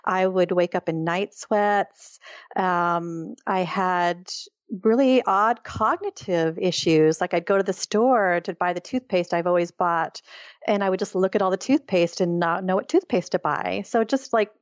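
A woman's voice: fairly low pitch, measured pace, no echo. A middle-aged woman speaks as an interview guest, earnest and reflective as she recounts her experience. Her voice comes through a slightly dull, lo-fi line with a dry, close sound. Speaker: guest, author. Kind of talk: interview conversation.

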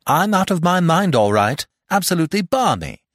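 Man reading as jittery young man, higher, pleading, lively delivery. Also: moderate pace, no echo, studio quality. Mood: distraught. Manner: urgent, distraught. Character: agitated anxious young man.

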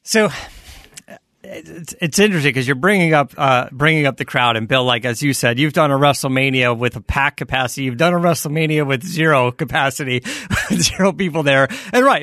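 A man's voice: fairly high pitch, a little fast, sharp tone, dry recording, clean studio sound. A man co-hosting a casual interview podcast, asking rambling, loosely built questions and laughing easily. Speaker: podcast co-host.

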